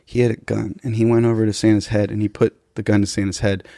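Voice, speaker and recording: A man's voice: on the low side, little pitch movement, fast, creaky, mellow, no echo, clean studio sound. A man telling an absurd improvised comedy story in a matter-of-fact way. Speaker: podcast comedian.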